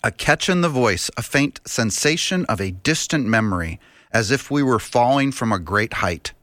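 A man doing an impression of a famous astronomer, reciting in a slow, solemn, reverent way in a radio studio. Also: mid-range voice, lively intonation, fairly bright tone, dry recording, close to an everyday voice. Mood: awed. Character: impression of a famous male astronomer, awed and hushed.

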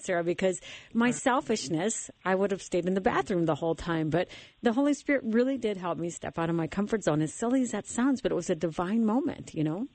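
A woman hosting a casual faith conversation, telling stories in an earnest, animated way. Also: medium pitch, quick pace, hardly any pauses, dry recording. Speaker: host.

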